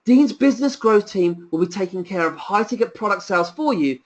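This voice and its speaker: A man presenting a sales pitch on a webinar, enthusiastic and persuasive, piling up rhetorical questions. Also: animated, a little fast.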